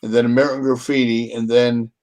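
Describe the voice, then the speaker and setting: A man co-hosting a casual live chat, relaxed and explanatory, thinking aloud as he goes. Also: medium pitch, fast.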